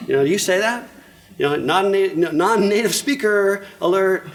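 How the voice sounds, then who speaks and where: An older man presenting to an audience in a lively, jokey way, often checking in with listeners. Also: high voice, moderate pace. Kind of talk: lively conference talk.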